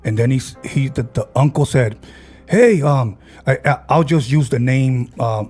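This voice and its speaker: A man's voice: mid-range voice, expressive, normal speed, a little mellow, slightly rough, soft background music. A man on a podcast, casually retelling a friend's ghost story and acting out the people in it.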